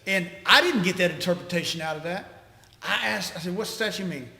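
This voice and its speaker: Emphatic high-voiced man in echoey room. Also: quick pace, gravelly, noisy background. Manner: emphatic storytelling, swearing. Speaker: podcast co-host, veteran. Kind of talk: casual chat. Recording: echoey room with long reverb.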